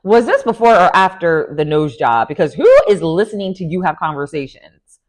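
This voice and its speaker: A woman hosting a casual reality TV recap, animated and sassy, full of slang and quick laughs. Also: mid-range voice. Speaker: TV recap host.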